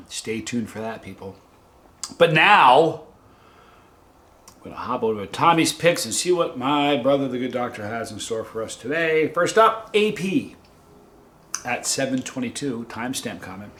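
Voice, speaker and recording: A man's voice: medium pitch, expressive, normal speed, fairly bright tone. A man hosting his own vlog, chatting casually to his viewers and telling jokes in a chatty, playful manner. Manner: joking, chatty storyteller. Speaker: vlog host. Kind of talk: casual talk to camera. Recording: roomy echo with faint noise.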